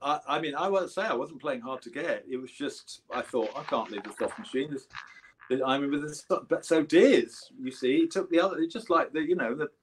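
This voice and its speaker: A man's voice: fairly high pitch, moderate pace, slight background noise, low-quality recording. Older Englishman telling rambling stories. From England. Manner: rambling, self-correcting anecdotes. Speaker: guest musician. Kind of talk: casual storytelling interview.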